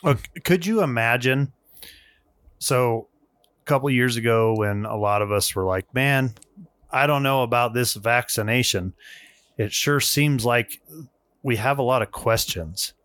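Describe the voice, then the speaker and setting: A man co-hosting a casual political podcast, talking in an animated, emphatic way and often repeating phrases. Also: medium pitch, a little slow, no room sound. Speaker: podcast co-host.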